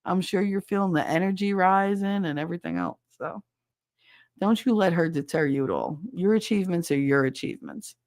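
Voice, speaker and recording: A woman hosts a podcast, reading listener chat and talking casually, bluntly, and with free swearing. Her lowish, slightly mellow voice is animated and a little fast, captured in clean studio sound with no room noise.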